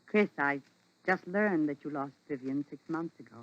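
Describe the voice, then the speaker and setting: A woman's voice: low-pitched, normal speed, close to an everyday voice. A woman playing a cheerful, teasing former fiancée in a 1940s radio drama. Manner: bright, teasing, lightly formal. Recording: dull old radio broadcast.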